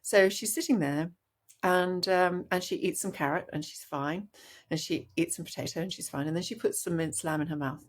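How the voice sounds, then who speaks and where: Brief: woman, middle-aged, low-pitched, earnest storyteller, interview guest. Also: normal speed. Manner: animated, earnest, frequent restarts. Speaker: doctor guest.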